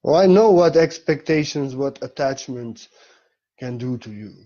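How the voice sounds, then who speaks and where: A man speaks as a spiritual teacher in a loose, informal talk, candid and openly emotional, with a blunt edge and the odd curse. His voice sits at an ordinary middle pitch. The recording is muffled and dull. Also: expressive, a little slow, warm tone.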